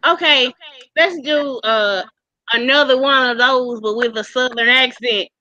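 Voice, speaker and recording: A woman's voice: sits high, unhurried, sharp tone, dry recording, dull audio. A woman co-hosting a podcast in casual chat, leading the segment with upbeat exclamations. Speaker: podcast co-host.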